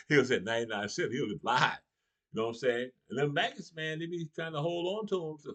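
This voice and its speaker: A man's voice: on the high side, fairly quick, fairly bright tone. A middle-aged man doing a political comedy monologue, talking straight to his audience and laughing between lines.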